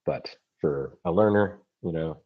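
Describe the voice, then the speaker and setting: An American man hosting a livestream Q&A about language learning, speaking thoughtfully and pausing often with fillers and restarts. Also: low-pitched, slightly rough, narrow, tinny audio. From United States. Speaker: language-learning channel host. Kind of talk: livestream Q&A chat. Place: home, streaming live. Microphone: computer mic for a livestream.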